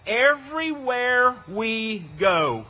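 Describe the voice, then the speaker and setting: A man from Southern Illinois with a Southern Illinois accent, giving a campaign speech as a candidate for governor in a measured, stately delivery. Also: very high-pitched, sing-song, bright, forceful tone, a little hiss or hum.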